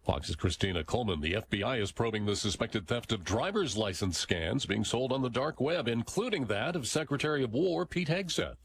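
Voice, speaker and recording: Male news anchor, husky voice, measured newscast read. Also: medium pitch, lively intonation. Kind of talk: radio newscast.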